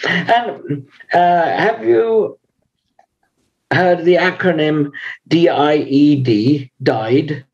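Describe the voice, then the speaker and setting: Older male guest, measured and unhurried, pitched a little high, heard through dull lo-fi audio. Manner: measured, unhurried storyteller with frequent pauses. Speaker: guest, author and lama. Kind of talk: conversational interview.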